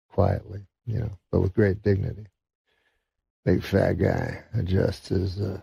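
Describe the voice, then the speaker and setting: A man from Canada, telling a long joke in a halting deadpan drawl full of "uh"s as a talk-show guest. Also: low-pitched, creaky, husky, no echo. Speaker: guest comedian. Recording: dull lo-fi recording.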